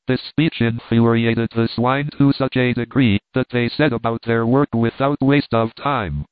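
A man narrating a classic novel in a measured, even way. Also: medium pitch, clear, resonant tone, dry recording. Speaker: audiobook narrator. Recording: tinny phone-like sound, dry.

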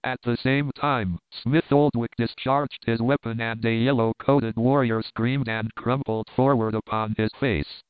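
A man's voice: mid-range voice, fairly even intonation, a little slow, few pauses, smooth, dry recording. Man narrating an adventure audiobook. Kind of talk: scripted narration. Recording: dry, tinny phone-like sound.

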